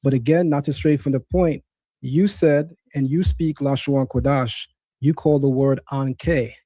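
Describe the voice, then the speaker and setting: A man's voice: mid-range voice, steady tone, measured pace, mellow, dry recording. A man hosting a streamed debate, insistent and corrective as he presses a guest on pronunciation. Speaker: host. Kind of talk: livestream debate on Hebrew pronunciation. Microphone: screen-sharing stream setup.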